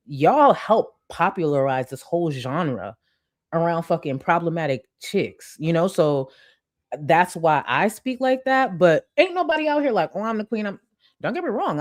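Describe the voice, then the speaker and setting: A woman giving casual commentary on a stream, talking bluntly with lots of swearing, recorded on a desk mic at home. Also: low voice. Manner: blunt, profane, excitable. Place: home room with ring light. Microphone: desk mic with webcam.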